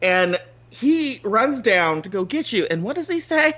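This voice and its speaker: A podcast host telling a story in casual chat, animated, swearing freely and laughing often. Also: male voice, sits high, unhurried, lo-fi sound.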